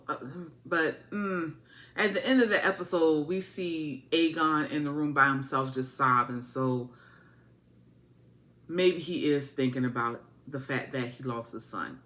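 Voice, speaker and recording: A woman giving a casual, animated, colloquial TV episode recap, repeating her points for emphasis. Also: sits low. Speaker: TV show reviewer.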